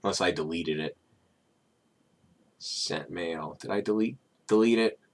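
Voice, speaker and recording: A man's voice: low-pitched, measured pace. A man vlogging in a casual, sarcastic and profane rant.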